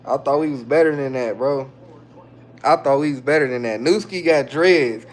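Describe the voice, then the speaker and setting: A man streaming live and answering his viewers' chat in a relaxed, slangy way, often breaking into chuckles. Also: mid-range voice, moderate pace. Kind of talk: casual livestream chat.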